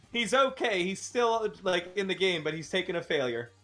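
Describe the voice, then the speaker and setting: A man's voice: high voice, expressive, slow, a bit bright, soft background music. A man narrating a tabletop game as game master, playful and often laughing.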